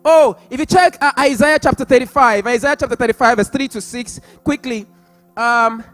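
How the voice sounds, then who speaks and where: A male preacher with a strikingly high voice delivers an impassioned sermon. He repeats his phrases, rises into loud sung prayer and keeps pressing each point. Faint music sits behind him. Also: moderate pace.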